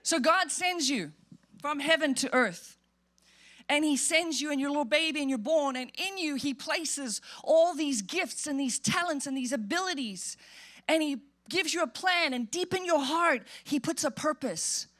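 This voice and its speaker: Woman pastor, high-pitched, emphatic animated sermon delivery in a church. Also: moderate pace. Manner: animated, emphatic preaching with acted-out quotes.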